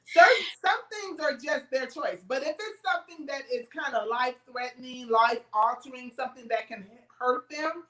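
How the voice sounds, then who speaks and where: High-pitched woman telling stories, firm and emphatic, sounds far off in an echoey room. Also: animated, normal speed, few pauses, pushed and bright. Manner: emphatic, storytelling, laughs. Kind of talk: casual chat.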